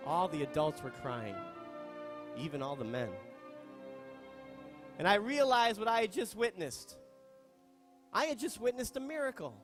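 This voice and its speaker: Guy giving a motivational talk, high voice, acts out the characters, roomy echo and music behind. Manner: dramatic, acts out the people in his story. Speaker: motivational speaker. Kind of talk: storytelling speech.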